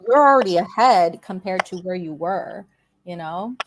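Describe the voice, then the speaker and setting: A woman guest coaching in a fairly low voice, measured and encouraging in casual conversation. A faint noise sits under the recording. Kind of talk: casual chat.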